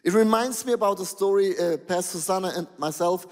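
High-voiced animated male preacher. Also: fairly quick. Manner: animated, exclaiming, non-native phrasing. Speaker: pastor. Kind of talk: sermon. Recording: long hall reverb.

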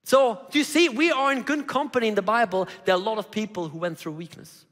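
A man's voice: sits high, fast, fairly bright tone. A man preaching a conversational sermon, full of rhetorical questions and voiced quotes from Bible figures. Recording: reverberant hall.

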